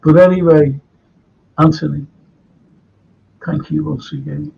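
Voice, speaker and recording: An older man from Liverpool hosts a casual chat show, his voice pitched on the high side with a steady, warm, creaky tone and a breathy edge. He talks a little slowly, rambling and chatty, often restarting his sentences because he's tired from lack of sleep. The recording sounds dull and lo-fi, with faint background noise.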